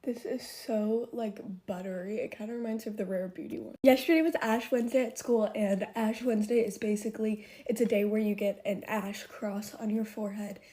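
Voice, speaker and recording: A bubbly young woman talks through her morning makeup routine in a loose, chatty way, and "like" slips into nearly every sentence. Her voice sits at a middle pitch and comes through close on a phone mic. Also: fairly even intonation, a little fast, few pauses, dark tone. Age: young adult. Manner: chatty, bubbly, filler-heavy with many "like"s. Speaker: beauty vlogger. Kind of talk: casual get-ready-with-me chat.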